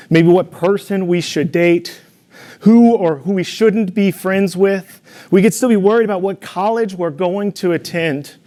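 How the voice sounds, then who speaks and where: Animated young man giving a devotional talk. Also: fairly high pitch. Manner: storytelling with playful humor, animated in anecdotes.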